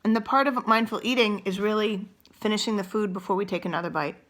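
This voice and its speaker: A middle-aged woman with a bright, clear voice leads a mindful eating demonstration. She speaks slowly and gently, sometimes with her mouth full as she chews. Her pitch sits in the middle range for a woman. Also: fairly even intonation. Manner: slow, gentle, unhurried guidance; eats and chews while talking. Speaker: wellness coach.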